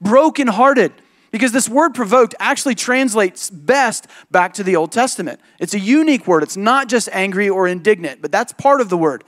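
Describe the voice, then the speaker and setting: A pastor preaching from the pulpit, his voice sitting high for a man. He tells stories with lots of animation and breaks into quick impressions of the people he describes, then lands his points with emphasis. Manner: animated storytelling, jumps into voices of others, emphatic. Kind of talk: sermon with personal story.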